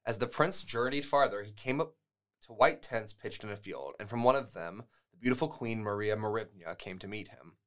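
A man's voice: fairly low pitch, normal speed, fairly bright tone. A man co-hosting a podcast, reading a fairytale aloud and breaking off with wry, joking comments. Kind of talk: casual storytelling with asides.

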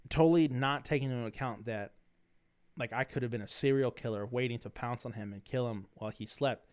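A young man hosts a podcast in a brisk, mid-range voice that's darkish, clear, and resonant. He tells a meandering story with plenty of slang, swearing, and restarts, coughing through a dry throat.

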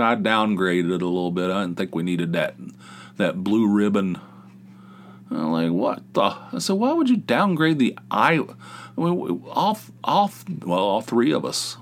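Rambling, profane middle-aged man. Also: fairly low pitch. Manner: rambling, profane, easily sidetracked. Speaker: podcast host. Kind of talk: casual solo podcast monologue.

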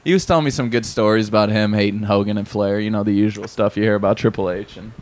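A man's voice: fairly low pitch, steady tone, fast, a little hiss or hum. A man telling a story on a casual podcast chat, rambling with fillers and acting out quotes. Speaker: podcast co-host.

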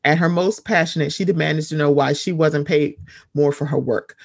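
A man's voice: fairly high pitch, steady tone, moderate pace, vocal fry, husky, no echo, studio quality. A man reading an article aloud and breaking off to add his own emphatic commentary.

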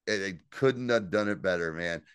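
Man, low voice, dry close sound, profane excited podcast recap. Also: moderate pace, clear, resonant tone, no room sound. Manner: excited, profane, recaps scenes with quoted lines. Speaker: podcast co-host. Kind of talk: casual chat.

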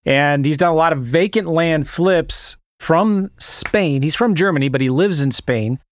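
A man hosting a podcast, opening the episode with an energetic monologue full of rhetorical questions to his listeners. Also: fairly high pitch, a little slow, dry recording. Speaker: podcast host.

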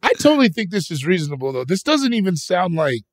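A young man co-hosting a casual podcast, animated and rambling, often restarting his sentences. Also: high-pitched, quick pace, no room sound. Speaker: podcast co-host.

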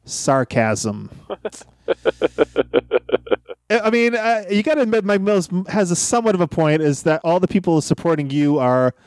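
A man's voice: high-pitched, big pitch swings, measured pace, no room sound. Dry-voiced man podcast co-host. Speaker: podcast co-host reading listener messages. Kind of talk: casual podcast chat.

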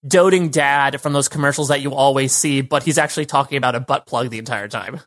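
A young man co-hosting a podcast, giving quick, opinionated takes in a casual chat. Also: mid-range voice. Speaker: podcast co-host.

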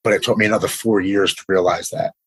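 A man, telling his recovery story in an earnest, halting way with many restarts. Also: deep voice, fairly even intonation, fairly bright tone, slightly rough, low-quality recording. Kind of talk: casual conversation.

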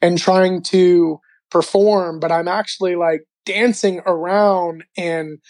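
A man speaks as an interview guest, recounting his personal faith testimony. His telling is animated and loose, with frequent filler words and restarts. His voice is close and dry, with no room sound. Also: high voice, takes it slowly, no echo.

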